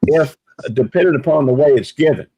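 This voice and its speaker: A man's voice: fairly high pitch, brisk, mellow, slightly rough, dry recording, highs cut off. Man, casual chat, hesitant, many fillers, dry sound. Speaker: panelist on a live stream chat. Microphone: video call.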